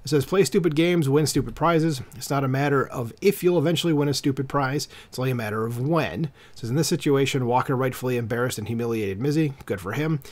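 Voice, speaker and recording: A man's voice: medium pitch, quick pace, hardly any pauses. A man hosting a commentary channel, reading an article aloud and breaking in with casual, irritated asides full of fillers. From United States.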